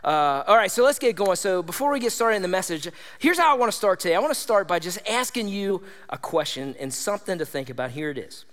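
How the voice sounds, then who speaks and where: A man preaching a sermon to his congregation, energetic and conversational, often checking in with his listeners. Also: sits high, fast, few pauses, long reverb tail. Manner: energetic, conversational, with tag questions like "all right?". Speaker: pastor. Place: church hall.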